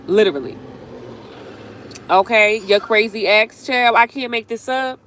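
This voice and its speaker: A woman's voice: on the high side, a little slow, fairly bright tone. Young woman, casual tarot reader on a live stream, emphatic and slangy, outdoors by the road, faint traffic behind. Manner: chatty, slangy, emphatic, often laughing.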